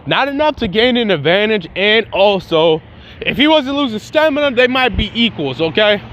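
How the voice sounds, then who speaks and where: High-voiced man telling a fan story. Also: moderate pace, muffled recording. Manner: animated, slangy, mouths fight sound effects. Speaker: fan channel host. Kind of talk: casual storytelling narration.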